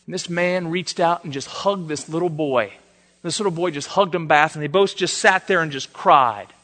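A male preacher delivering a sermon as an animated storyteller who acts out the quotes. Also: a little high, moderate pace, big-room sound.

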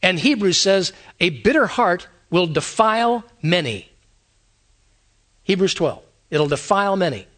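A man's voice: sits high, very animated, a little slow, a bit bright. A man preaching a conversational sermon, asking his listeners many rhetorical questions. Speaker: pastor.

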